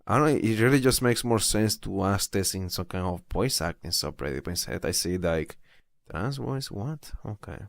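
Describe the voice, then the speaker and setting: Casting: young guy streamer, low-pitched, incredulous, rambling and laughing, dry sound. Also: expressive, normal speed, vocal fry, no room sound. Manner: chatty, incredulous, laughs often. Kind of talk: casual rambling chat while reading posts aloud.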